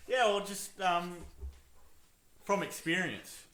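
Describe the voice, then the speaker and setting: A man's voice: sits high, takes it slowly, fairly bright tone, reverberant. A man telling a story on a casual podcast, rambling with plenty of ums and likes. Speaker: podcast co-host.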